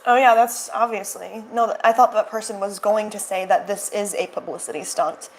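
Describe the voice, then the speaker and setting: A woman's voice: mid-range voice, fairly even intonation, a little fast, a little hiss or hum, poor audio. A young woman hosting casual reaction commentary, sarcastic and rambling, full of fillers and restarts. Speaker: commentary channel host.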